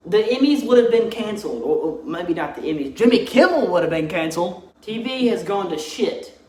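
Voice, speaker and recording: A man's voice: sits high, sing-song, a little fast, darkish tone. A young man ranting bluntly and mockingly in a vlog, swearing constantly. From Texas. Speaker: vlogger. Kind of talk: profane ranting commentary. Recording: roomy echo, distant mic.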